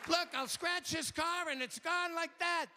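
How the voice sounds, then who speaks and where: A shouting high-voiced TV pitchman. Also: fairly even intonation, unhurried, crowd noise, background noise. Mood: ranting. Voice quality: high, shouted hard sell. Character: dead loud TV pitchman, brash and shouting.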